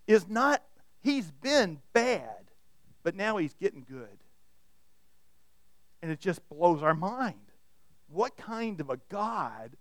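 A man's voice: high voice, a bit bright, clear, resonant tone, no room sound, clean studio sound. A man preaching a sermon to a room of listeners, retelling stories and often restarting his words. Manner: storytelling, repeats and restarts words. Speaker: pastor. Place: church hall with audience.

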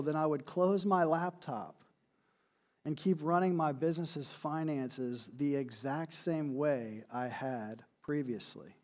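A man's voice: fairly high pitch, darkish tone. A man preaching a sermon in an earnest, conversational way, repeating words for emphasis. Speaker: pastor.

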